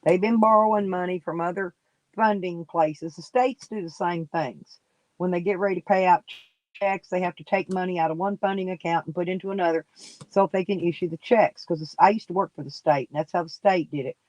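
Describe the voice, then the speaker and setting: A woman's voice: on the low side, steady tone, fairly quick, darkish tone, no echo. A woman, sniffly and coughing, chatting casually and folksily with viewers on a live stream. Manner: folksy, rambling, talks straight to chat by name.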